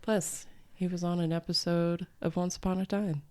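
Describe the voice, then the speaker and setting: Chatty woman with a lowish voice. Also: level tone, normal speed, darkish tone. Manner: chatty, filler-heavy, laughs often. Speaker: podcast co-host. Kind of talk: casual chat retelling a myth.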